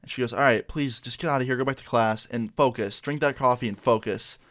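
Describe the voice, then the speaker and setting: A young man casually telling a school story to his viewers, acting out the dialogue as he goes, with lots of "like" and relaxed asides. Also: mid-range voice, a little fast. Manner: relaxed, chatty, heavy use of "like"; acts out dialogue with quotes. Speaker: vlogger.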